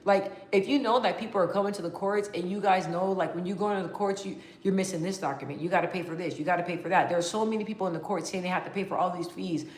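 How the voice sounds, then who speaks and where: A woman vlogging casually to her viewers, talking in an animated, emphatic way with slang and frequent restarts. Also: fairly low pitch, fast talker, few pauses, echoey room. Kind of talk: casual talk to camera.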